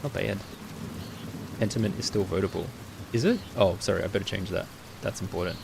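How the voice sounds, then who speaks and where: A man streaming live in casual chat, who talks in a chatty way and answers his viewers with quick asides. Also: low-pitched, creaky. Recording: steady rain noise behind.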